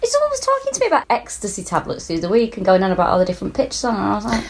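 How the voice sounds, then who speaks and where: Fast-talking sweary northern English woman. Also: mid-range voice, wildly swooping pitch. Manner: blunt, sweary, quick, laughing. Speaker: podcast co-host. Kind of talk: casual comedic chat.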